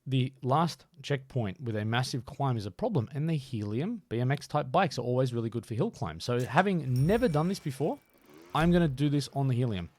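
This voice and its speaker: Male streamer, faint Aussie lilt, animated pitch, rambling self-mocking tutorial patter. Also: fairly quick, no room sound. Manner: chatty, self-deprecating, thinks aloud. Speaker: game streamer and tutorial host. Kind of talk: live-streamed gameplay tutorial.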